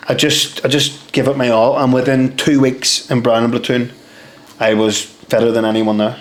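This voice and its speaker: A young man, a podcast guest telling stories in casual chat, lively and swearing freely as he acts out what people said. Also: mid-range voice, moderate pace. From Northern Ireland. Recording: roomy echo.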